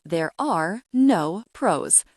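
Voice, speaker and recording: A woman's voice: fairly low pitch, lively intonation, drawn-out words, no room sound, studio quality, heavily acted. A woman voicing a sarcastic, clipped male bank manager in an audiobook. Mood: cold, sarcastic. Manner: scathing, clipped.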